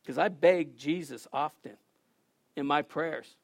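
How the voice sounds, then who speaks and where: A man preaching a sermon as pastor, building to impassioned, shouted emphasis and then dropping back to quieter explanation. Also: on the high side, takes it slowly, pauses often, no echo, clean studio sound.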